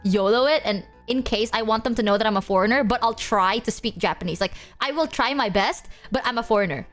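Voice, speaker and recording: A young woman streamer telling stories to her chat in a casual, animated way, acting out exchanges with bursts of Japanese. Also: fairly high pitch, a little fast, soft background music. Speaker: VTuber streamer.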